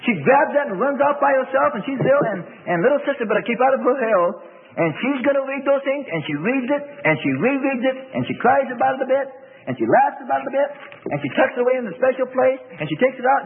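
A male pastor preaching, his high voice swinging widely as he throws out rhetorical questions and acts out the voices he quotes. The sound is thin and phone-like, with a long echo from a large hall. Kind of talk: sermon. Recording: phone-like echoey hall recording.

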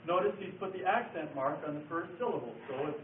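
A man with a fairly high voice gives a patient, step-by-step lesson, repeating his key words. He sounds distant and echoey, as if taped from the back of a room. The sound is thin and phone-like, with a faint hiss underneath. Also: lively intonation, fast talker. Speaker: Bible study teacher. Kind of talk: classroom lecture with board writing.

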